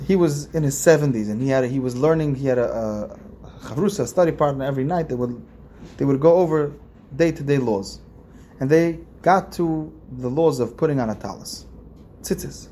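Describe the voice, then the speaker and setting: A man's voice: mid-range voice, a little fast, warm tone, a little hiss or hum. A man, a rabbi, giving an informal religious lesson in a conversational way, repeating phrases and asking his listeners questions. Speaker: rabbi teaching a class.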